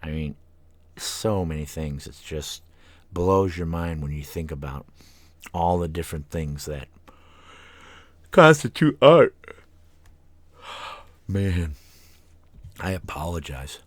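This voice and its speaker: A very deep-voiced man hosts an internet radio talk show, drifting from tangent to tangent, full of ums and tired yawns. The recording is close and dry, with no room sound at all. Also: steady tone, unhurried, a little mellow, dry recording. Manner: rambling, tangent-prone, with many fillers and yawns. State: tired, yawning. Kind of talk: casual rambling monologue. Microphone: studio microphone.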